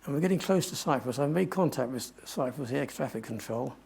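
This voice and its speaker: An older man tells a long adventure story at a museum talk, stopping often to restart his sentences. His voice is dark and mellow with a husky edge. The delivery is loose and chatty. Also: medium pitch, expressive, fairly quick. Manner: rambling, self-correcting storyteller. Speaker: guest speaker.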